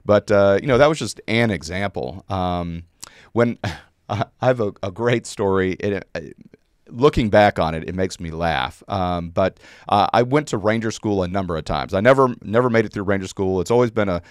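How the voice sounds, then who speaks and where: Deep-voiced man telling a story, halting. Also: clean tone, no room sound, studio quality. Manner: halting, many fillers and repeated words. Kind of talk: casual storytelling.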